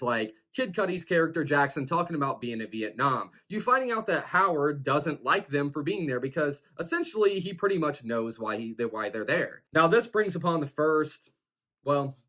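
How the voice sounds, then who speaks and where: A man's voice: on the high side, fairly bright tone. A man hosting a horror film review, recapping the plot in a casual, rambling way full of fillers like "like" and "you know".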